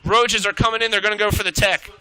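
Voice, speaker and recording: Excitable, high-voiced man shoutcasting live. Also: no echo, rough recording. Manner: excitable, swearing, rapid reactions. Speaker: esports shoutcaster. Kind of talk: live play-by-play game commentary.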